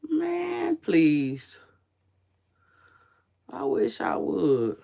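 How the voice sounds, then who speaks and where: Slow but with lively intonation, a woman in her forties speaks in a smoky low voice with vocal fry. She's an online commentator chatting sleepily and casually with her livestream viewers, relaxed and full of slang.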